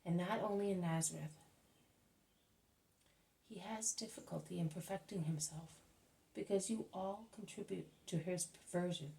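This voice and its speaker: A woman voicing a calm, grave adult male teacher who speaks in a measured, earnest, instructive way, read as part of a storybook. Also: on the low side, vocal fry. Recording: voice slightly distant from mic.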